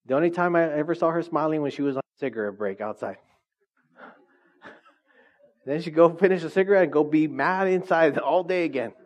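A man preaching a conversational sermon, animated and chatty, often laughing and asking the congregation questions. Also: fairly high pitch, a little fast, pauses often. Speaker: pastor.

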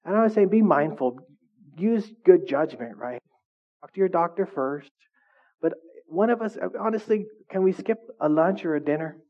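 Male pastor, sermon, chatty preaching, fairly high voice, muffled lo-fi sound. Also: animated, normal speed. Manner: conversational, keeps checking in with the congregation. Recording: dull lo-fi recording.

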